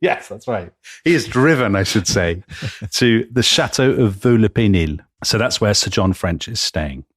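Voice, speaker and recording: Male podcast co-host, deep husky voice, dramatic storyteller. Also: lively intonation, a little slow, a bit bright, dry recording, studio quality. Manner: dramatic retelling, frequent laughs. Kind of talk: casual history podcast storytelling.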